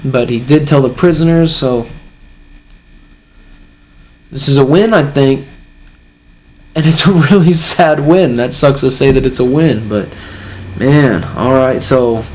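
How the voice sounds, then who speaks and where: A man's voice: medium pitch, unhurried, pauses often, darkish tone. A man casually reading a comic chapter aloud and reacting, sighing and chuckling between remarks.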